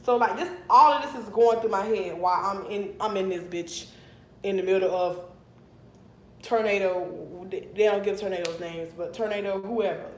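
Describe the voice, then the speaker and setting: A young woman telling a storytime on a livestream, animated and blunt, swearing freely. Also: mid-range voice, moderate pace, slight background noise. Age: young adult. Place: her apartment, indoors. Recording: echoey room.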